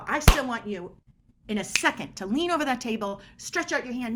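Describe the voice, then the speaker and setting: A woman's voice: on the high side, animated, a little fast, background noise. A middle-aged woman guest on a podcast interview, explaining body language in an emphatic way and acting out quoted dialogue.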